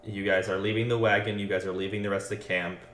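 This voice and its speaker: A man's voice: sits low, level tone, fast, fairly bright tone, a little hiss or hum. A man running a tabletop game on a live stream, talking casually and loosely, apologizing often and restarting his sentences. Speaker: game master. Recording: roomy echo.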